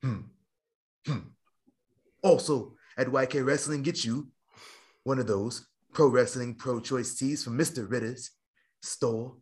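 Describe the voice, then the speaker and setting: A man's voice: mid-range voice, slow pace, pauses often, a little mellow. Theatrical male podcast host. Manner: theatrical, mock-grand announcer flourishes. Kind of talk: casual wrestling podcast chat.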